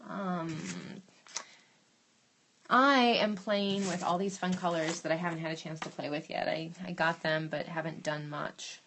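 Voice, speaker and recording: A woman's voice: lowish voice, fairly even intonation, measured pace, a bit bright, slight background noise. Chatty woman demonstrating a craft live. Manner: chatty, thinks aloud while working. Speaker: glass artist demonstrating in a live stream. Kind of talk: casual live demo, answering viewer questions. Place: home glass studio.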